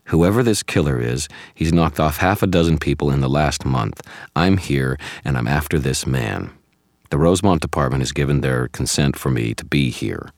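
A man's voice: very deep voice, normal speed, no room sound. Brief: male reader voicing a hard, terse policewoman lieutenant for an audiobook, dry close sound. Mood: defiant. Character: tough, hot-tempered female police lieutenant. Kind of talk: audiobook character voice.

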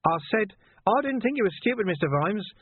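A cheeky, menacing criminal taunts in a high, sneering voice, put on by a male narrator. The voice is husky and dry, with a tinny, narrow sound. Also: expressive, brisk, dry recording. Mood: sly. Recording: tinny lo-fi phone-band audio.

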